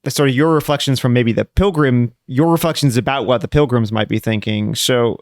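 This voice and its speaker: A man's voice: mid-range voice, a little fast, no room sound, studio quality. A man hosting a podcast, musing thoughtfully with many fillers as he talks about history. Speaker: podcast host. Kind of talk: conversational podcast talk.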